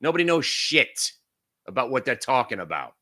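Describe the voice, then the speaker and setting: A man's voice: mid-range voice, big pitch swings, normal speed, sharp tone. A middle-aged man hosting a live stock trading room, ranting frantically with lots of swearing. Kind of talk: live market commentary.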